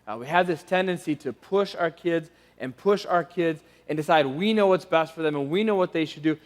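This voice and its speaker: A man delivers a church sermon in a high-pitched voice, moving from animated storytelling to quiet, earnest pleading. His words trail into the long reverb of a large church auditorium. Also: a little fast. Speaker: pastor.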